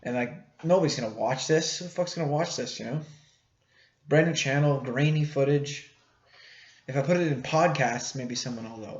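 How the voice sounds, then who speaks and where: A man's voice: medium pitch, steady tone, a little fast, a little mellow. A young man rambling crudely and mocking himself, with many fillers, in a solo podcast monologue recorded on a camera mic in a small room at home. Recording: echoey room, dull lo-fi camera audio, faint noise.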